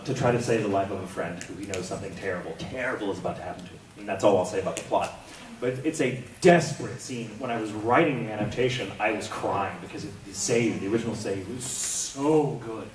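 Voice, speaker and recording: Animated, self-mocking male voice actor, mid-pitch, telling a panel story in an echoey room from a distant mic. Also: a little hiss or hum.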